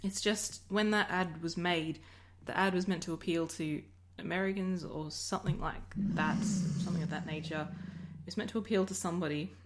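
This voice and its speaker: A woman's voice: on the low side, steady tone, normal speed, hardly any pauses. Australian woman, let's play commentary, chatty, rambling, restarts sentences, faint background noise. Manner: rambling, self-interrupting, chatty. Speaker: Minecraft let's player. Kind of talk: casual gameplay commentary.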